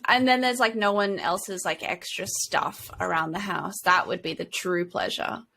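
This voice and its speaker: A woman's voice: lowish voice, moderate pace, creaky, bright, forceful tone, a little hiss or hum. A woman co-hosting a podcast, telling stories in a playful, dramatic way. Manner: playful, dramatic storytelling with put-on quotes. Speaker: podcast co-host. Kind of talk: casual chat.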